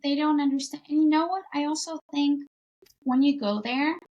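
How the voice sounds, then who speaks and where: Young woman guest rambling along, lots of likes, voice sits a bit high. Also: steady tone, moderate pace, darkish tone, lo-fi sound, a little hiss or hum. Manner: chatty, leans on "like" fillers. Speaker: podcast guest. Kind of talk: casual chat.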